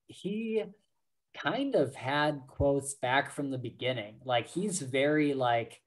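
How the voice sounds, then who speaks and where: Unhurried male podcast co-host. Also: medium pitch. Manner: relaxed, many fillers, laughs often. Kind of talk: casual book discussion.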